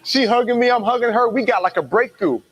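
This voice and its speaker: A man giving a motivational talk, telling his own life story with lively acted-out quotes. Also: extremely high pitch, quick pace, husky, poor audio. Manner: animated, acts out quoted voices. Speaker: motivational speaker.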